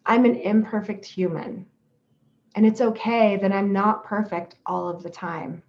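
A woman speaking in a gentle, reflective and steady way, giving a calm self-help talk about self-compassion. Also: medium pitch, a little slow. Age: adult parent. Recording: slightly dull lo-fi audio.

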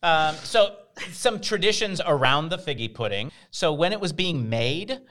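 Podcast co-host, woman, animated pitch, chatty and giggly. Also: unhurried. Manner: laughs easily, reads a list with asides. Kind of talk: casual group chat.

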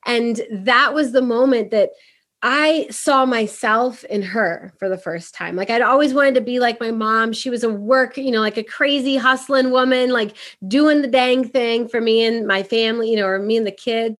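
A middle-aged woman from Puerto Rico, a podcast guest, telling her story in a lively, casual way and acting out the voices she quotes. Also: fairly high pitch, normal speed. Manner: animated, acts out quoted voices.

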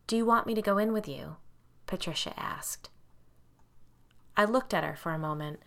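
A woman narrates a first-person ghost story in a measured, hushed way. Her voice sits low for a woman, but the tone is bright and forward. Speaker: audiobook narrator.

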